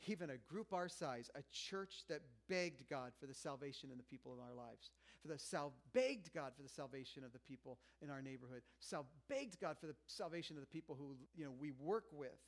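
A pastor preaches in a loose, conversational style, joking with his congregation, his voice a little higher than most men's. He moves from near hushes to loud, pressing emphasis, staying animated and fairly quick with few pauses.

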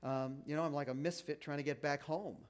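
A man's voice: on the high side, fairly even intonation. A middle-aged man giving a casual, conversational sermon as a pastor, often restarting his sentences and acting out his listeners' objections. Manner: informal, halting with restarts, acts out listeners' objections.

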